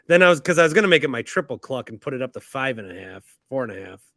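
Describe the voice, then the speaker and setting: A man with a bright, forceful voice cracks deadpan jokes while he hosts a podcast about sports picks. The sound is dry and close, with no room around it. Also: medium pitch, very fast, dry recording. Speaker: podcast host. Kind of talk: casual sports-picks banter.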